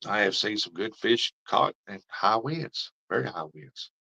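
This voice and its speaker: He's a middle-aged man hosting a casual live chat for his fishing vlog audience, full of folksy stories and frequent laughter. His lowish voice is gravelly and sharp, a little slow, with lively intonation, heard through dull lo-fi stream audio.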